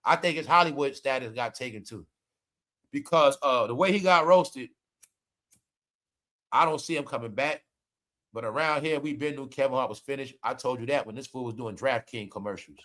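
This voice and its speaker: A man hosting casual celebrity gossip commentary, animated and laughing, retelling jokes in quoted voices. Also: medium pitch, normal speed. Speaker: commentary host.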